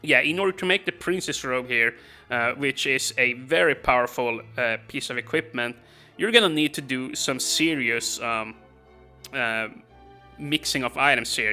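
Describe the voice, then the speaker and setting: A man's voice: medium pitch, pushed and bright. A man casually commenting on his gameplay as a let's play host, rambling with many fillers and chuckles.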